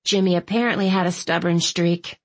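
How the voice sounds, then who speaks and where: A woman narrating a first-person audiobook in a wry, even storytelling manner. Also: lowish voice, a little fast.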